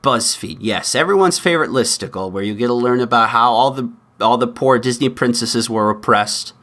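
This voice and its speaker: A man's voice: mid-range voice, brisk, a bit bright. A man hosting a podcast, talking through a news clip in a mocking, sarcastic way. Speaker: podcast host. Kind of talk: opinionated podcast monologue.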